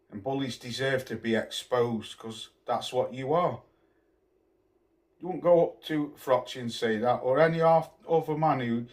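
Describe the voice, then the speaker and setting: A man's voice: medium pitch, a little mellow. Scornful man ranting about boxing. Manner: scornful, swearing, name-calling. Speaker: boxing commentator vlogger. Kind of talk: angry rant to camera.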